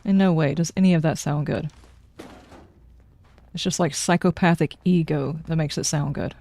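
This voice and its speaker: A woman's voice: low voice, steady tone, normal speed, dark tone. Chatty, opinionated woman streamer. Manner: chatty, opinionated, talks to the game. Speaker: game streamer. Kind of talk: casual gameplay commentary.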